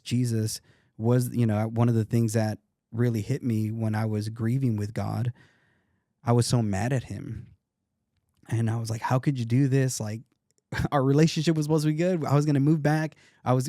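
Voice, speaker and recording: A man in his thirties appears as a podcast guest, his mid-range voice warm and captured with clean studio sound and no room echo. In casual interview talk he speaks earnestly and reflectively, frequently starting his sentences over.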